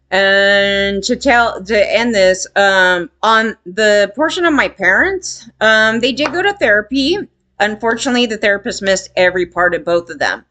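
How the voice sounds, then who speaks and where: A woman's voice: mid-range voice, fairly bright tone. A woman telling a candid personal story in a rambling, emphatic way, swearing freely.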